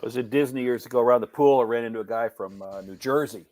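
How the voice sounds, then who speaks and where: A man from Canada, a guest on a podcast, telling stories in a plain, measured way. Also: mid-range voice, a little mellow, dry recording. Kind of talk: casual podcast chat.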